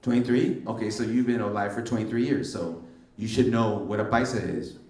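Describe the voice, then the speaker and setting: A man's voice: fairly low pitch, fairly even intonation, a little fast, a little mellow. A middle-aged male stand-up comedian doing brash, teasing crowd work with plenty of slang. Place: comedy club stage. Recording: roomy club sound from a distance. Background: audience laughter.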